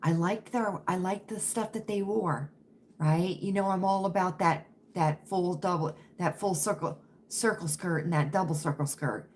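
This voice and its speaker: A woman's voice: on the low side, normal speed. A woman from Virginia with a faint Southern accent, hosting a casual livestream and chatting with viewers, often checking in with "right?" and "you know what I mean?". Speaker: livestream host reading chat.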